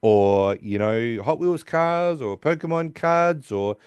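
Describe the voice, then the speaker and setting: A middle-aged Australian man co-hosting a podcast in casual, animated, joking chat. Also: mid-range voice, slow pace, clear, resonant tone, no echo. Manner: animated, jokey, talks over his co-host. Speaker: podcast co-host.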